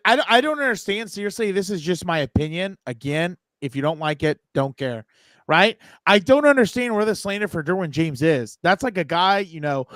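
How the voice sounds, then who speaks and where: A man co-hosting a casual sports podcast over a video call, loud, profane and fired up. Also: high voice, no echo, clean studio sound. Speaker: podcast co-host.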